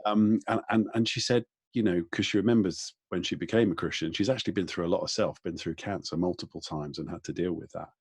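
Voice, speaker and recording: A man hosting an interview, rambling through an anecdote as he works his way to a question. His voice is low and a little husky, recorded dry and close. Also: quick pace, hardly any pauses, no echo. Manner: rambling, thinks aloud before landing on a question. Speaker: interview host. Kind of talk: conversational interview.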